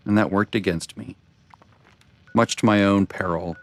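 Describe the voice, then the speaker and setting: A man's voice: on the low side, steady tone, normal speed, long pauses, a bit bright. Rambling man narrating his gameplay. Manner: rambling, self-deprecating. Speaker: streamer. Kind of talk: casual gameplay commentary.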